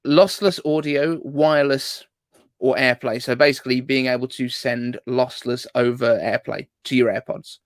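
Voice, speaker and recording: A man's voice: medium pitch, steady tone, moderate pace, no room sound. A man guesting on a tech livestream, joking with dry humor. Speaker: guest YouTuber. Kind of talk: casual tech chat.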